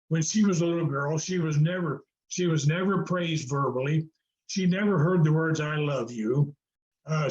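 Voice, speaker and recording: A man's voice: on the high side, a little mellow. An older man, a guest on a video call, earnestly telling his story in a preacherly way, with fillers and repetition. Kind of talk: conversational storytelling. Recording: roomy, dull video-call audio.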